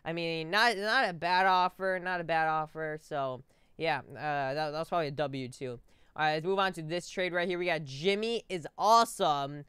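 Crisp, dry-voiced young gaming commentator. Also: male voice, fairly high pitch, normal speed, fairly bright tone, no room sound. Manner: rambling, stumbles over numbers, says "bro" a lot. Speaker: gaming video host. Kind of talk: casual gameplay commentary.

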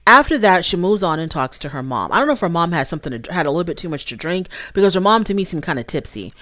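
Woman, lowish voice, dry close sound, chatty reality TV recap, talks to viewers as y'all. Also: very animated, quick pace, hardly any pauses, fairly bright tone, no room sound. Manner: chatty, addresses viewers as y'all, acts out quotes. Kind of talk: casual recap commentary.

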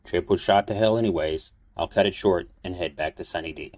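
A man's voice: low voice, fairly quick, darkish tone, no room sound. A man reading a wry, cursing young man. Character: young man, wry, impulsive, quick to curse. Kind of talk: audiobook character voice.

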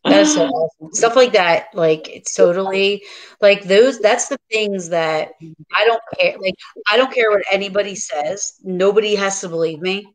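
A woman hosting a casual paranormal podcast chat, telling her ghost stories excitedly and saying "like" a lot. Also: medium pitch, normal speed, low-quality recording. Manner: excited storyteller, says "like" a lot. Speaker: podcast host.

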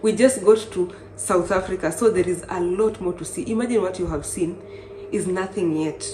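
A young Kenyan woman narrating her travel vlog in a chatty, excitable way. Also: fairly low pitch, moderate pace. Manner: chatty and excitable, with bursts of exclamation. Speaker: travel vlogger. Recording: echoey room with faint noise.

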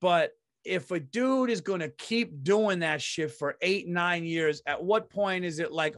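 A man's voice: sits high, unhurried, hardly any pauses, a bit bright. A man, a comedian hosting his podcast, telling a story in a heated, profane ranting monologue.

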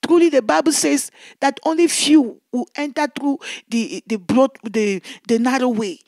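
Woman evangelist, very high voice, emotional testimony, repeats words, dry close sound. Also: unhurried, darkish tone, no room sound. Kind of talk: testimony preaching.

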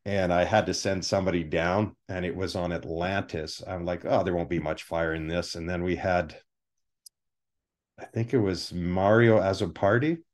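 A man with a fairly low voice tells stories from his years on film sets as an interview guest. He talks with energy, often slipping into the voices of the people he quotes. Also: normal speed. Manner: animated anecdotes, acts out quoted people. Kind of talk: storytelling interview.

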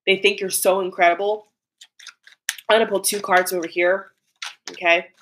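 A woman reads tarot cards in a casual pick-a-card session. She talks in a chatty, loose way with plenty of fillers, at a mid pitch. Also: background noise. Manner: chatty, filler-heavy, breaks into laughs.

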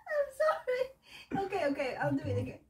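A woman's voice: very high voice, wildly swooping pitch, quick pace, recorded from a distance. A Filipino-accented woman, a vlogging mother, chatting through a family guessing game, giggling and apologizing as she talks. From Philippines. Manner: giggly, laughs through her words, apologetic. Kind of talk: casual family game chat.

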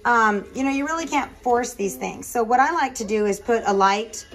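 A woman's voice: moderate pace, fairly bright tone, rough recording. A woman breeder chatting casually to the camera about her puppies, now and then cooing at them in a sing-song voice. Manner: chatty, coos in a higher voice to the puppies. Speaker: dog breeder.

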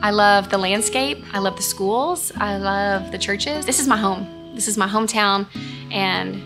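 A woman in her thirties hosts a relaxed question-and-answer chat. She talks earnestly and gushes, often repeating herself, with a gravelly edge to her voice. Music plays clearly behind her. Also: mid-range voice, unhurried. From Texas. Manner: earnest and gushing, repeats phrases. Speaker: host. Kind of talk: casual Q&A chat. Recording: music playing in the background.

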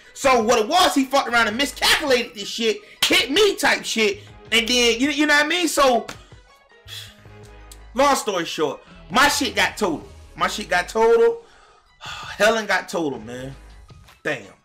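Young guy for a vlog storytime: lively swooping delivery, bright edge, loud cussing bursts, faint music under it. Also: very high voice. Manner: animated, profane, talks straight to viewers, bursts into shouts. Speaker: vlogger telling a personal story. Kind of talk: casual storytime monologue to viewers.

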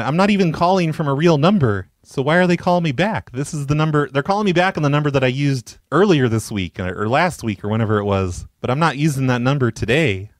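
A man hosting a prank call show, talking deadpan with fumbling, stammering restarts. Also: mid-range voice, no echo.

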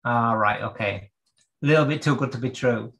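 Working at a bench, a man leads a live clock repair workshop on a video call, speaking at normal speed in a medium-pitched, somewhat bright voice while he thinks aloud and explains every step.

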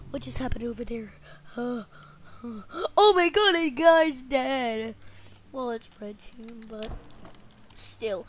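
A woman with a high voice talks through a video game as she plays it, thinking aloud. She speaks slowly and hesitantly, with a faint hum of noise behind her. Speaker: gamer. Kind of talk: let's play commentary.

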